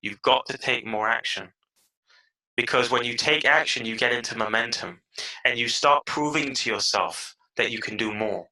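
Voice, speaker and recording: A man as a podcast guest giving emphatic advice, acting out inner voices with big jumps in pitch. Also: normal speed, sharp tone, poor audio. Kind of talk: animated interview talk.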